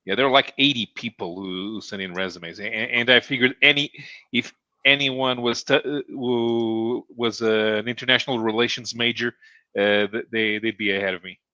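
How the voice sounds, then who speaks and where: A man with a bright, forceful voice hosts a casual comic-book stream, halting and restarting as he thinks aloud. His mic sounds dull and lo-fi, with a dry sound. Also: medium pitch, fairly even intonation, dry recording. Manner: hesitant, many restarts and fillers. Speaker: stream host. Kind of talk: casual livestream chat.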